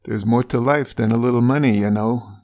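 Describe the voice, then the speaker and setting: A man's voice: mid-range voice, steady tone, fairly quick, creaky, darkish tone, natural voice. A man doing a corny impression of a folksy small-town female police chief with a put-on Minnesota accent. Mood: chiding.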